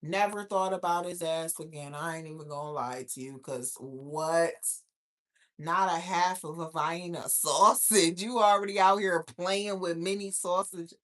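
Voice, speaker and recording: This young woman hosts her own show, her voice on the low side with fairly even intonation and a slightly slow pace. She chats casually about viewer comments, brash and profane, often erupting in loud laughter.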